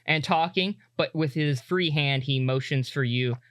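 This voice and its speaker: A man's voice: fairly high pitch, unhurried, fairly bright tone, no echo, clean studio sound. A man narrating a tabletop game as game master, loose and chatty, laughing often.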